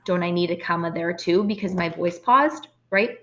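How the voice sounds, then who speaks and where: A woman's voice: fairly low pitch, normal speed, few pauses. Encouraging woman teacher with many ums. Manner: encouraging, patient, with frequent ums and okays. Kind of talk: recorded online lesson.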